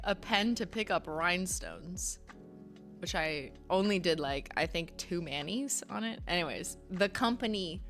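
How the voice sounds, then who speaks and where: Thirties woman from Canada, YouTuber host, lower voice, casual and giggly, faint background music. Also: fairly bright tone. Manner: chatty, reads letters aloud, laughs often, swears casually. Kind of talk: casual livestream reading fan mail.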